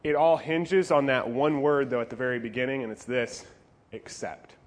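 A male pastor preaching to teenagers in an animated, jokey style with playful asides. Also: mid-range voice, fairly quick. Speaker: youth pastor. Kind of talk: youth sermon.

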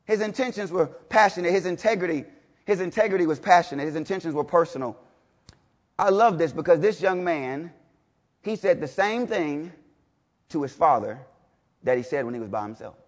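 A man preaching a sermon to a congregation, emphatic and repetitive, swinging between loud declarations and low, intense passages, with rhetorical questions. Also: lively intonation, moderate pace.

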